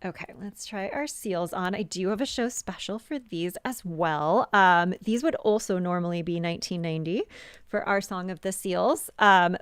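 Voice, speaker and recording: Woman, live-stream jewelry host, casual and chatty, lots of fillers, smooth voice, dry close sound. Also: medium pitch, dry recording. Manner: chatty, many fillers and restarts. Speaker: jewelry designer hosting a live sales show.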